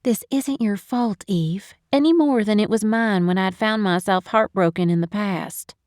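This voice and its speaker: A woman's voice: medium pitch, measured pace, a little mellow, no room sound, natural voice. Audiobook: doting older matchmaker, voiced by a woman, coaxing and affectionate; dry close sound. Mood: consoling. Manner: coaxing, affectionate, calls everyone darling. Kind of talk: audiobook narration.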